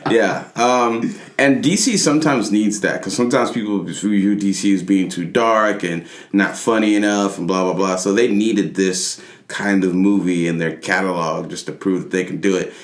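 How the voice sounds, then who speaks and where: A man's voice: deep voice, moderate pace, hardly any pauses, echoey room. A man co-hosting a podcast, giving enthusiastic opinions in casual chat. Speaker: podcast co-host. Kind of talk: casual chat about comics.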